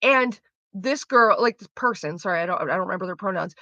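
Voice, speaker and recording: A woman streamer in casual chat with her viewers, rambling fast and swearing freely. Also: medium pitch, lively intonation, pushed and bright, no echo, muffled recording.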